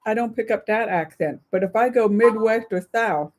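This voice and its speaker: A woman's voice: fairly high pitch, normal speed. Chatty older woman co-hosting a live chat. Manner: chatty, reads out viewer comments. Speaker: co-host of a live show.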